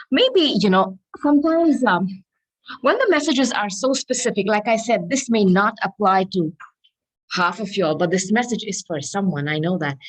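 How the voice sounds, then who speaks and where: A woman's voice: medium pitch, slightly rough, low-quality recording. A woman giving a tarot reading, speaking earnestly and affectionately to her listeners and calling on angels. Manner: spiritual, invokes angels. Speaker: tarot reader.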